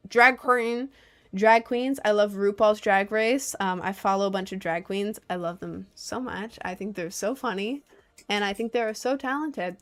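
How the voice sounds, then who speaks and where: Streaming and chatting in a relaxed way, a young adult woman reads out viewer messages as she rambles along. She uses plenty of fillers, laughs a lot, and has a mid-range voice.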